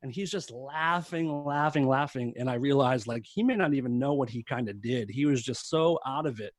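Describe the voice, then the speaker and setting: A man's voice: medium pitch, normal speed, no room sound. Man telling a story with a dry sound. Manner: animated storyteller, laughs often. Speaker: podcast guest, former tour crew member. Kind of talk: casual storytelling interview.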